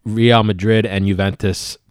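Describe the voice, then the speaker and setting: Casting: low-voiced male podcast co-host, relaxed explainer, dry close recording. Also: clear, resonant tone, no room sound. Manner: explanatory, halting with fillers. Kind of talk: casual podcast discussion.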